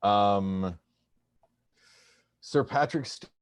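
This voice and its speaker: Wry, low-voiced male podcast co-host. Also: extremely slow, smooth, no echo. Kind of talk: casual chat.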